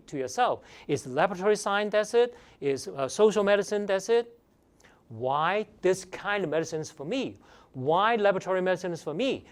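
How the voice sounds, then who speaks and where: A pre-med admissions advisor giving a seminar lecture, emphatic, repeating key phrases and firing off rhetorical questions. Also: mid-range voice.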